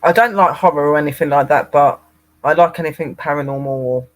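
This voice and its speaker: A man's voice: fairly high pitch, a little fast. A man co-hosting a casual paranormal livestream, rambling and greeting viewers by name.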